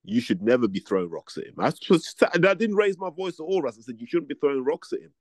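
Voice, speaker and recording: A man in casual chat, calm and reasoning, calling people mate. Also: medium pitch, fast, no room sound.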